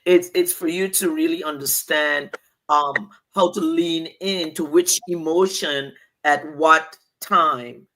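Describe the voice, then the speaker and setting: A woman's voice: deep voice, takes it slowly, fairly bright tone, a little hiss or hum. An older woman in church leadership, speaking earnestly in a preaching style about faith. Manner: earnest, exhorting.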